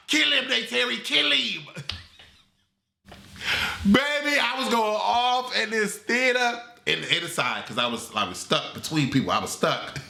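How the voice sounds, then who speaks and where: A man giving a comedic movie review in a dramatic, sassy, animated way. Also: very high voice, gravelly. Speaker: movie critic. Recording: roomy echo.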